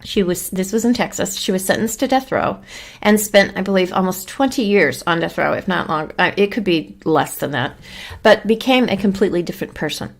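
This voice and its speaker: A woman's voice: on the low side, a little fast, creaky. A woman hosting her own true crime channel, chatting casually and rambling to viewers while fussing over her dog.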